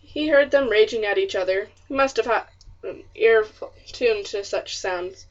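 A woman's voice: mid-range voice, normal speed, natural voice. Brief: smug young colonial man, blunt delivery, read by a woman, muffled lo-fi audiobook sound. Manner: blunt, matter-of-fact, old-fashioned speech.

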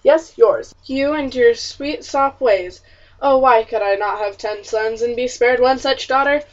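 A woman's voice: on the high side, steady tone, moderate pace, lo-fi sound, lightly acted. A woman reading the part of a stern, short-tempered colonial father who scolds and blusters in old-fashioned speech. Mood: angry. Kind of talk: audiobook character reading.

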